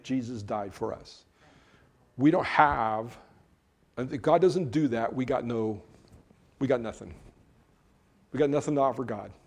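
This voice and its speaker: Male pastor mid-sermon, mid-pitched, conversational and earnest with light asides. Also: measured pace, pauses often, a little mellow. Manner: conversational, joking asides between earnest preaching.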